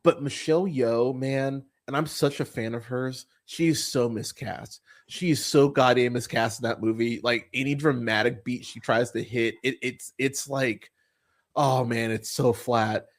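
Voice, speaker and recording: A man hosting a casual film podcast at an ordinary pitch. He talks bluntly and swears freely. His rambling is full of fillers and restarts. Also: fairly even intonation, measured pace. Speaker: podcast host.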